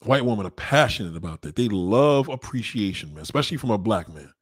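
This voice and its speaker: A man's voice: lowish voice, animated, fast, husky, dry recording. A man talking in a casual, blunt and crude rant, often repeating himself for emphasis. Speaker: monologue speaker.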